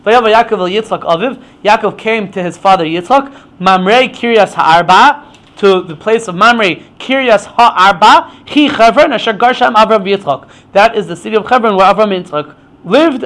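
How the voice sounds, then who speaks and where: A man's voice: sits high, brisk, a bit bright. A man teaching an informal Torah class, explaining with many stammered restarts.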